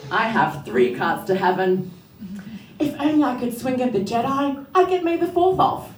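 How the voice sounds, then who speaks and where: A woman's voice: high-pitched, very animated, moderate pace, crowd noise. A young woman doing a stand-up comedy set, telling dry one-liners and laughing at her own jokes. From France. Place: comedy club stage. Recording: echoey room, voice from a distance. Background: audience laughter.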